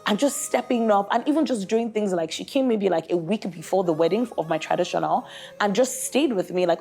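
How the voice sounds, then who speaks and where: Speaking fast at a medium pitch, a young woman from Nigeria, appearing as a guest bride, animatedly recounts a story in relaxed chat. Her speech is full of "like" and "literally."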